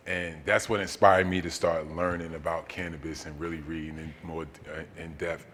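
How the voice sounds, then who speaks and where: Man, very low voice, bright tone, relaxed folksy storytelling, long hall reverb, faint noise. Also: moderate pace. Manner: relaxed, folksy, many fillers. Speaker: interview guest, storyteller. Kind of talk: casual storytelling at a seminar. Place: seminar hall in a large venue.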